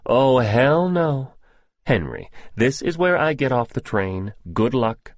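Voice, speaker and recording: A man's voice: medium pitch, very animated, slow pace, dry recording, studio quality, voice pushed up. A man voicing a blunt, sardonic young woman in an audiobook. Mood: alarmed.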